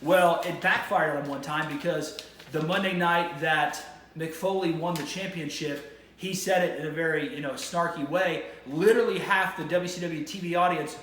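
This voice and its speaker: A man hosts his own vlog with a fairly high voice, rambling with eager enthusiasm and often restarting his sentences. His voice bounces around a roomy, echoing space with a faint ambient hum underneath. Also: moderate pace, a bit bright. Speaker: vlog host. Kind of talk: casual to-camera monologue.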